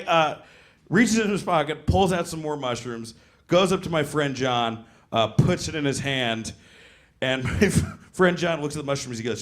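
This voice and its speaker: A man's voice: medium pitch, lively intonation, moderate pace. A man in his thirties doing stand-up, telling a rambling story full of fillers and acted voices. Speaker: stand-up comedian. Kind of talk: stand-up comedy set.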